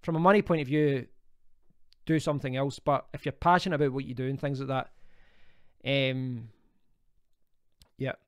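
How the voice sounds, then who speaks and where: A man's voice: mid-range voice, steady tone, moderate pace, pauses often, clear, resonant tone, no room sound, clean studio sound. A Scottish man in his thirties, hosting a casual live stream from home and chatting as he answers viewer comments. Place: home in Spain.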